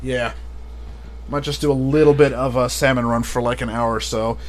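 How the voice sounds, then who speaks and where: A man's voice: mid-range voice, steady tone, normal speed. A man chatting casually on a live stream, rambling and often laughing at his own jokes.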